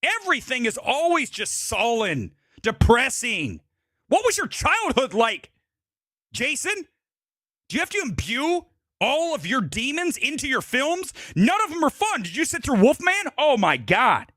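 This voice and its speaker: A man's voice: very high voice, huge pitch swings, a little slow, bright, forceful tone, dry recording, clean studio sound. A man hosting a live movie show, delivering an angry, profanity-laced rant at a producer. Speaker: movie podcast host. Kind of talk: live-streamed film rant.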